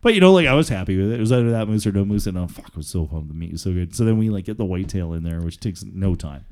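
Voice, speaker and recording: A man's voice: deep voice, lively intonation, racing, a little mellow. A man, telling rambling, profane stories in casual chat and laughing often.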